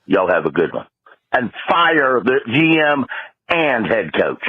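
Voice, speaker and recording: A man calling in over a tinny phone line with a husky voice. He rants and tells his story with lively, swooping pitch that jumps up when he gets emphatic. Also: takes it slowly, no room sound. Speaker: caller. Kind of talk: phoned-in rant.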